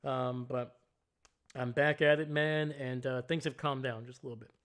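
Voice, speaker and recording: At a normal speed and with fairly even intonation, a man hosts a casual football livestream. He rambles, keeps up a running chat with viewers, and greets them loudly with sudden rises in pitch.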